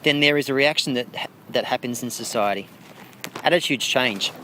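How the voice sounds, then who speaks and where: A man's voice: mid-range voice, moderate pace, bright, forceful tone, slight background noise. An Australian man answering radio interview questions as a featured artist, with dry, wry asides.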